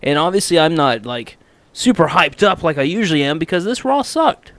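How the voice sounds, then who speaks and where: A man's voice: fairly high pitch, expressive, fairly quick, a bit bright, dry recording. Dry-sounding man hosting a podcast. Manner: upbeat, blunt, laughs between remarks. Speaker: podcast host. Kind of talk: casual wrestling review chat.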